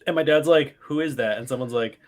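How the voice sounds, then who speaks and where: A man co-hosting a podcast, excitedly retelling his movie reactions in casual, swearing chat. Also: medium pitch, fast talker. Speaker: podcast co-host.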